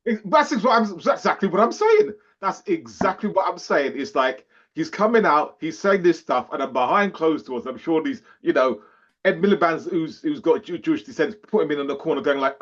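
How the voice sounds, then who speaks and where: A man's voice: fairly high pitch, big pitch swings, normal speed, a bit bright. A man co-hosting a podcast, chatting casually and animatedly, laughing and acting out quotes. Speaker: podcast co-host. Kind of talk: casual chat. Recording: dull lo-fi sound.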